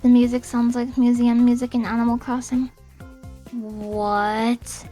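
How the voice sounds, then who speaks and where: A high-pitched woman streamer who chats casually while she plays, getting excited easily and saying sorry a lot. She talks at an unhurried pace, and faint game music plays behind her. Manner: excitable, reads chat aloud and apologizes often. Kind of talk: casual live-stream chat.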